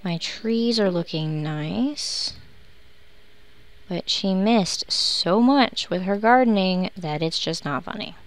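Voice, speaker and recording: A woman's voice: mid-range voice, lively intonation, slow pace. A woman giving casual, sarcastic commentary while playing a life-simulation game, grumbling at her characters. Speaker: let's play host. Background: background music.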